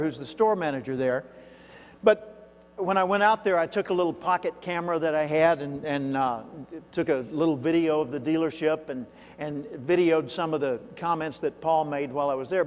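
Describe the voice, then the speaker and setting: Southern guy from arkansas giving a keynote, folksy storyteller, kinda high voice, long hall echo. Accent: Southern US, toned down. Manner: folksy storytelling, conversational asides to the audience. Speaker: keynote speaker. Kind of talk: conference keynote speech. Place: large hall. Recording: reverberant hall, live event.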